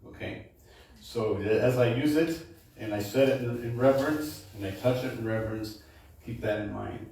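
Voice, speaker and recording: A man, a baritone singer, casually introducing his show to a live supper club audience and often checking in with "okay?". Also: normal speed, darkish tone. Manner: chatty, keeps checking in with "okay?". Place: supper club performance room. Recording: echoey room, distant mic.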